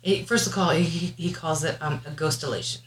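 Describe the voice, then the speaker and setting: A woman guest on a casual podcast, telling mom stories in an animated way, laughing and acting out voices. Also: deep voice, brisk. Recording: echoey room, faint hiss.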